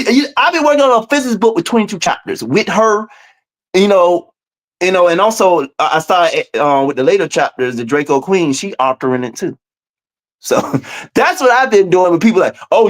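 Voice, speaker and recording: A man joins by video call as a guest and recounts his story with animated profanity. His voice swings between low mutters and high exclamations.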